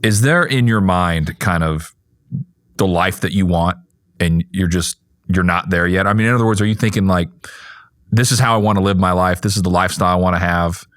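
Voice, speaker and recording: A man's voice: deep voice, a little fast, a bit bright, no room sound, clean studio sound. A man hosting a podcast, chatting casually, often jumping in with short affirmations and clarifying questions. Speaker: podcast host. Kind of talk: casual interview chat. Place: podcast studio.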